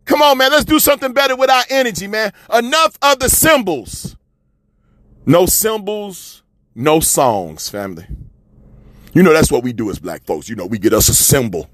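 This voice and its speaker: High-pitched preachy man on radio. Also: very animated, moderate pace, dry recording, clean studio sound. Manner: preachy, repetitive, calls listeners "family" and "man"; swings from loud shouting to low mutters. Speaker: radio commentator. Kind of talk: fiery street-talk commentary.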